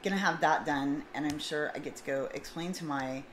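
A middle-aged woman with a somewhat low voice tells a story in a casual vlog. She acts out each side of the exchange with lively turns. Faint noise hums behind her. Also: a little fast, poor audio. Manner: animated, acts out both sides of a dialogue. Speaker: vlogger.

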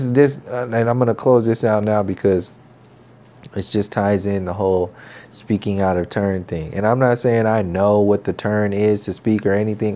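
Low, mellow-voiced man rambling. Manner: rambling, profane, many restarts and fillers. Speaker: channel host. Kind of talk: casual monologue commentary.

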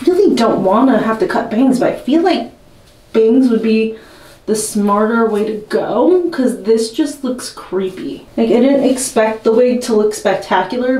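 A woman's voice: a little high, dark tone. Nervous chatty woman vlogger, roomy sound. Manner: nervous, self-mocking, chatty. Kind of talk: casual talking to camera while cutting a wig. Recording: roomy and a bit distant from the mic.

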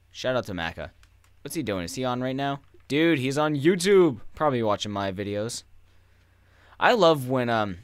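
A young man chatting crudely and loosely over a farming game, his voice bright and pushing forward. The sound is dry and close, with no room around it. He rambles from topic to topic and sometimes erupts into loud excitement. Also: medium pitch, clean tone, dry recording. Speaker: gaming YouTuber. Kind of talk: casual gameplay commentary.

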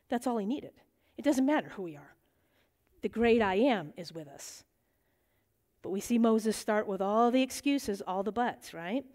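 A middle-aged woman teaching a bible study, lively and animated, acting out the voices in the stories she tells. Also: medium pitch, unhurried. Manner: animated, acts out quoted voices.

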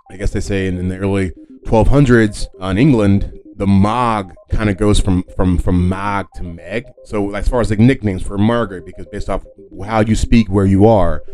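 A man with a low, dark voice hosts a solo podcast, chatting loosely and circling back on himself as he talks. His delivery is unscripted, full of fillers and restarts. Faint music sits underneath. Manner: rambling, with many fillers and self-corrections. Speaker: podcast host. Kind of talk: casual solo podcast talk.

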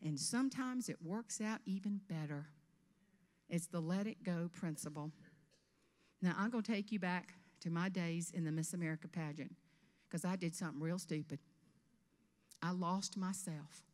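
A woman in her fifties from South Carolina with a Southern US accent, giving a humorous keynote speech on stage with animated storytelling. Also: lowish voice, normal speed, long pauses, long reverb tail. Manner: animated storytelling with character voices. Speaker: motivational speaker. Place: event stage before an audience.

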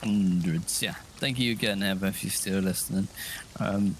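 A man's voice: sits low, normal speed, a little hiss or hum. Easygoing man greeting a stream chat. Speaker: streamer co-host. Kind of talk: casual live-stream chat.

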